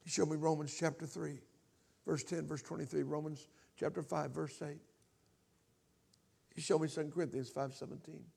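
Preacher guy, middle aged, gravelly voice, goes from quiet to shouting while he tells his testimony. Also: a little high, fairly even intonation, moderate pace, pauses often. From Alabama. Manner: impassioned, swings from hushed to shouting. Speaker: evangelist. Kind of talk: testimony sermon.

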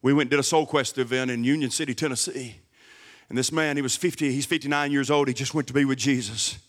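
A man giving a sermon as a guest pastor in a church, swinging from shouted emphasis to low, quiet asides. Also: fairly even intonation, fast talker, long reverb tail. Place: church service.

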